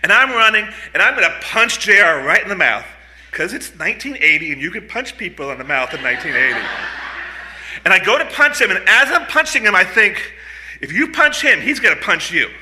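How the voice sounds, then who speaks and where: An animated storyteller, a man in his fifties, speaking on a live stage into a stand mic. His voice sits fairly high for a man and has a forceful, sharp edge. He delivers his story with punchy, comic timing. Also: brisk, a little hiss or hum. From United States. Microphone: mic on a stand in front of him.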